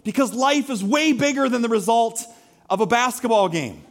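Male pastor, higher-pitched voice, animated conversational sermon with self-mocking humor. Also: normal speed. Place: church sanctuary.

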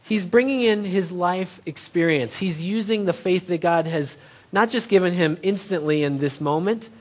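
A preacher giving a sermon, retelling a scripture story in plain everyday terms and asking the audience rhetorical questions. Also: mid-range voice.

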